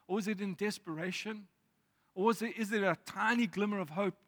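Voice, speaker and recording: A man preaching a sermon in a reflective way, reading scripture aloud with pauses. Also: high-pitched, fairly bright tone. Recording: long reverb of a hall.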